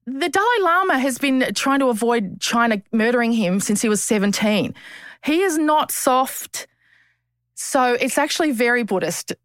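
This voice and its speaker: A woman's voice: a little high, animated, moderate pace, few pauses, fairly bright tone, no room sound, studio quality. A woman, speaking as a podcast guest. She talks frankly and bluntly, with teasing humour and the odd swear word. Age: 50s. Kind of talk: candid conversational interview.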